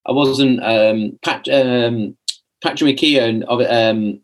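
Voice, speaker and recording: A young man talks slowly in a medium-pitched voice with fairly even intonation, guesting on a podcast and drifting through a personal story. He restarts often, fills gaps with "like," and mimics his past self's lines.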